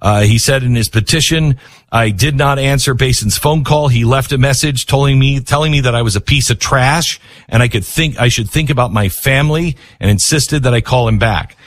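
A man in the middle pitch range delivers news commentary with a sarcastic, animated edge. He acts out the people he quotes. His voice sounds dry and close, with no room around it. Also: normal speed, no echo.

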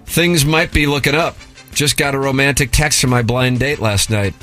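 A man's voice: medium pitch, steady tone, moderate pace, a bit bright, soft background music. A man hosting a radio show, reading listener emails aloud with a sarcastic, mock-formal delivery.

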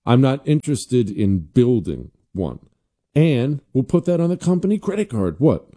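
Male talk host, dark-toned, lively pitch, sarcastic commentary. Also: moderate pace. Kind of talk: casual political commentary.

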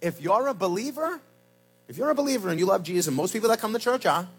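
A man preaching a sermon as pastor, swinging between loud emphatic cries and quiet low asides in a sing-song cadence, repeating his phrases. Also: animated, fast talker, breathy edge.

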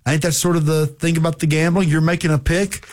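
A man's voice: a little high, little pitch movement, fast. A man hosting a morning sports radio show, chatting casually and arguing his opinions with a caller from a studio mic. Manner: opinionated, argumentative. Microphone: studio microphone.

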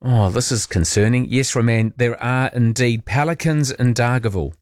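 A man's voice: mid-range voice, normal speed, a little mellow, no echo, clean studio sound. A man hosting late-night talkback radio, chatting and reading out listener texts. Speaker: overnight radio host.

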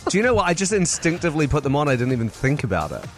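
A man co-hosting a radio show, his fairly high voice bouncing with lively, animated pitch. He talks in an encouraging, playful way, with music clearly running under him in the studio. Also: very fast. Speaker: radio co-host. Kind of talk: upbeat radio chat.

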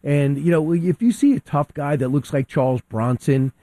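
A man's voice: a little high, moderate pace, no echo. A man on talk radio giving heated opinionated commentary, acting out quotes as he argues. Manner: animated, quotes people in acted voices.

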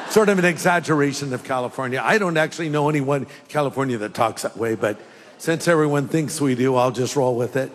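A man's voice: mid-range voice, fairly quick, slight background noise. A man preaching a sermon as pastor, joking and storytelling, recorded in a large hall.

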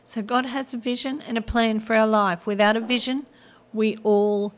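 A woman's voice: a little high, steady tone, normal speed. A woman hosting a gospel radio show, giving an earnest, personal devotional message that often drops to a near whisper.

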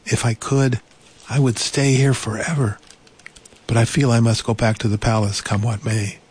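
A man voicing a gentle, lonely young servant girl who speaks softly and politely. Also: medium pitch, little pitch movement, normal speed, husky, natural voice. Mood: wistful. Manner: soft, timid and polite.

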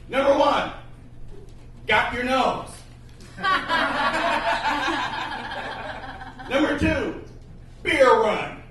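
A man performing a stand-up routine on a club stage, delivering deadpan one-liners. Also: very high-pitched, a little hiss or hum. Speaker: stand-up comedian. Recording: echoey club mic from a distance. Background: audience laughter.

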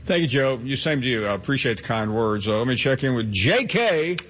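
A man hosting a sports radio call-in show, speaking briefly and calmly. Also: mid-range voice, fairly quick, slightly rough, lo-fi sound. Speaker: radio host.

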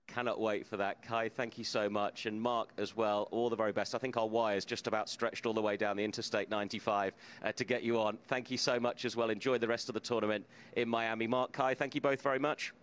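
A man presenting a sports radio program, measured and courteous as he thanks guests and reads the link. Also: fairly low pitch, little pitch movement, fairly bright tone. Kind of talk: scripted news presentation.

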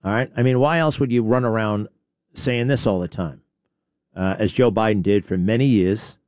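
A man's voice: on the low side, moderate pace, darkish tone, no room sound, studio quality. Rambling sarcastic male talk host. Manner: rambling, sarcastic, full of asides and restarts. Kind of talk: opinionated monologue playing clips.

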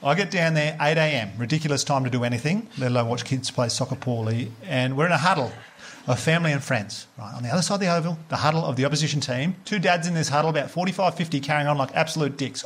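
A man doing stand-up comedy, telling sweary, animated stories and slipping into voices for the people in them. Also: mid-range voice, slight background noise. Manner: animated, sweary storytelling with put-on quoted voices.

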